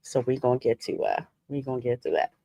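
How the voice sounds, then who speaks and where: A woman's voice: rumbling low, steady tone, fast talker, gravelly, no echo, muffled recording. A woman hosting a live podcast stream, greeting viewers by name in a chatty, effusive way. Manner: chatty, effusive, often laughing. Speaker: livestream podcast host.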